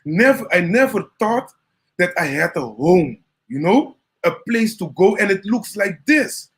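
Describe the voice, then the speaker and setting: Slow-talking man, high voice. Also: sing-song. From Netherlands. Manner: slow, gentle, says "you know" often. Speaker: live-stream host. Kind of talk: casual chat.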